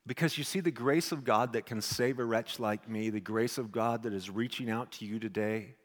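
A man, a pastor, giving a sermon testimony as an animated storyteller who swings from hushed tones to near shouting. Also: on the low side, normal speed. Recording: long hall reverb.

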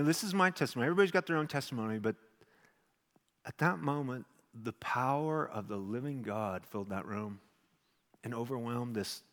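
A man, a pastor, giving a sermon testimony as an animated storyteller who swings from hushed tones to near shouting. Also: medium pitch. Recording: long hall reverb.

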